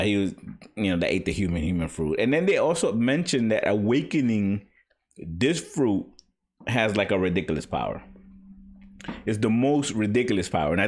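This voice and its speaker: A man casually reviewing manga from his home basement, rambling and opinionated with lots of fillers. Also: low voice.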